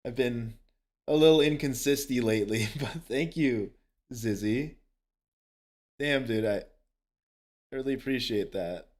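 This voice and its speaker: A man chatting casually on a live game stream, excitable, laughing often and swearing casually as he talks to viewers. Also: mid-range voice, unhurried, pauses often. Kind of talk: casual live-stream chat while gaming.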